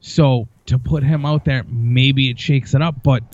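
A man's voice: medium pitch, fairly even intonation, unhurried, a little mellow, highs cut off. Blunt, profane man ranting about sports. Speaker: podcast co-host. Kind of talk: casual sports chat.

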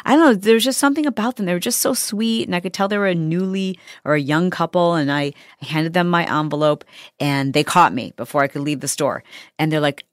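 A middle-aged woman hosting a podcast, telling a story in a chatty, animated way with lots of fillers. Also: on the low side, fast, no room sound, clean studio sound. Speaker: podcast host. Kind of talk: casual podcast monologue.

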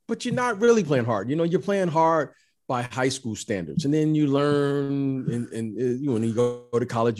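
A man's voice: medium pitch, darkish tone. A man in his fifties co-hosting a casual sports podcast, telling stories in an easygoing, reflective way. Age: 50s. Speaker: podcast co-host, former pro player.

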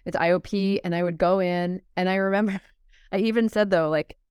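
A woman telling her personal story as a podcast guest, animated and acting out the dialogue she quotes. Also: on the low side, brisk, smooth, no echo, clean studio sound.

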